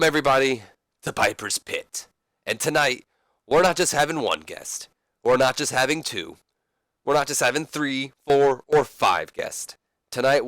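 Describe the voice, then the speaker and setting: A man voicing a brash veteran wrestling talk-show host with showman hype and drawn-out emphasis. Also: fairly low pitch, a bit bright, no echo, natural voice.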